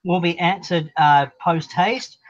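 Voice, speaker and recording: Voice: mid-range voice, takes it slowly, dry recording. Teasing co-host, dry lo-fi sound. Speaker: stream co-host reading chat. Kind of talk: casual chat. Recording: dry, dull lo-fi stream audio.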